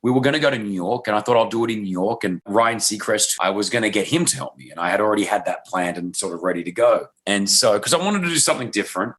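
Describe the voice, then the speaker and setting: Man, 30s, from Australia, radio host, guest in a casual interview, animated storytelling, bright tone. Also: on the low side. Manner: animated storyteller acting out quoted voices.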